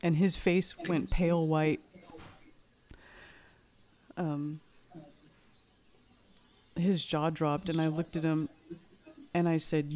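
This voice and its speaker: A woman's voice: sits low, level tone, slow, long pauses, a little mellow. A woman hosting a livestream who tells a personal story candidly and bluntly, swearing freely and getting heated as she recounts anger. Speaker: livestream host.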